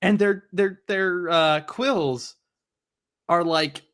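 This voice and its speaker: A man with a slightly raised, bright voice recaps comics in an easy, joking way. He laughs often and slips into the characters' lines while he retells scenes. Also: sits high, very slow, smooth. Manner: laid-back, laughing, quotes characters. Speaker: host. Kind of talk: casual chat about comics.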